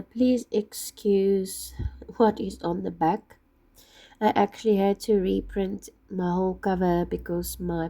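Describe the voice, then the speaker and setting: A woman with a husky voice from being ill, patiently explaining each step of a craft project. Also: on the low side, mellow. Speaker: craft tutorial maker.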